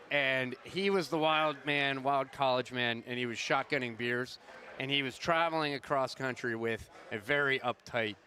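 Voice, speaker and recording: A man's voice: mid-range voice, sharp tone, a little hiss or hum. A man doing casual, chatty color commentary at a hockey game, rambling and laughing between plays. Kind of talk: casual broadcast banter.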